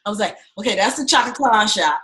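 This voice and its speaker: A middle-aged woman coaching a class, talking candidly and with lots of swearing as she tells lively stories and pitches her course. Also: fast, a little hiss or hum, low-quality recording. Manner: candid and profane, animated storytelling. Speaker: acting and fundraising coach. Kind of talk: casual teaching pitch.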